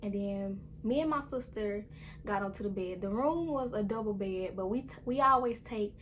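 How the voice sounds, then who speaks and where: A woman's voice: medium pitch, moderate pace. Young woman doing a storytime vlog, chatty, acting out what people said, a little hiss behind. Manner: casual conversational storytelling with quoted dialogue. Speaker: vlogger.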